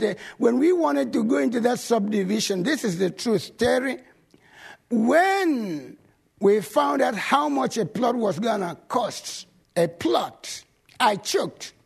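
A male pastor telling stories in a sermon, animated and swinging from loud bursts to low asides. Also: unhurried, creaky, slightly rough. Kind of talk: sermon storytelling.

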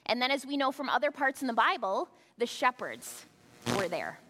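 Bright-voiced woman preaching in a hall. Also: fairly high pitch, sing-song, normal speed, slight background noise. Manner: conversational, with rhetorical asides. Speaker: pastor. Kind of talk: sermon. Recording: long hall reverb.

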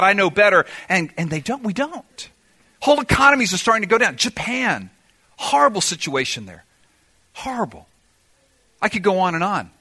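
A man's voice: sits high, bright, forceful tone, husky. A man preaching a sermon in an auditorium, emphatic, firing off rhetorical questions and answering them himself. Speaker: pastor.

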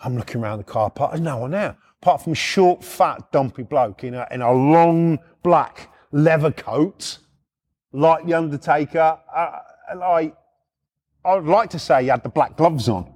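A middle-aged man from the UK telling rough personal stories in a rambling, profane, lively way. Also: on the high side, measured pace. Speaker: storyteller. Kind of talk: casual anecdote.

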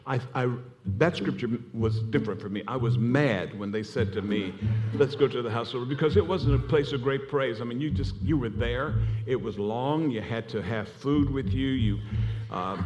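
A man's voice: medium pitch, normal speed, darkish tone. A man preaching a sermon in a church, telling stories with laughing asides and rising passion. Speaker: pastor. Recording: music playing behind.

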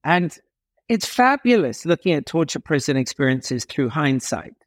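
A man from England telling a story as an interview guest, animated, with dramatic pauses and emphatic swings in pitch. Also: dry recording, clean studio sound.

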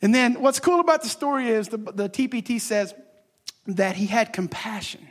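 A man preaching a sermon in a strikingly high, husky voice. He drives his points home through repetition. His delivery swings from loud declarations to hushed whispers. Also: normal speed. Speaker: pastor.

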